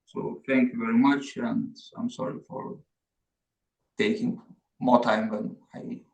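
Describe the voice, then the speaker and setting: A man from Lithuania giving a conference presentation, halting and searching for words with frequent repeats. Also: mid-range voice, fairly even intonation, creaky, a little mellow. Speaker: conference panelist. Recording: roomy echo.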